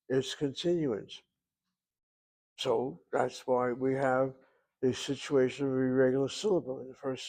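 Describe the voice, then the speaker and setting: Male language teacher, medium pitch, patient and methodical lecturing, repeats drill words. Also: warm tone. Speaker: Hebrew teacher. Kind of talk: grammar lesson explanation.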